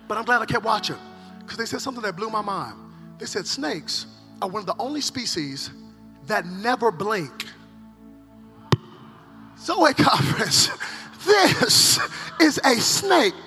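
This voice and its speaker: High, lively preaching man in a hall. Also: normal speed, long pauses. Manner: dramatic preaching, swinging from loud acted cries to hushed intensity. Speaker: pastor. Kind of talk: energetic sermon. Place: large conference hall. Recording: live sermon with hall reverb and faint music.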